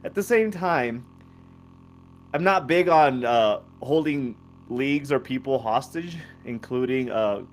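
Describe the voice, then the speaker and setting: A man co-hosting a sports podcast, arguing his view in a measured, hesitant way. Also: medium pitch, a little hiss or hum. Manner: measured, hesitant, reasoning aloud. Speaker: podcast co-host. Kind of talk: casual sports debate.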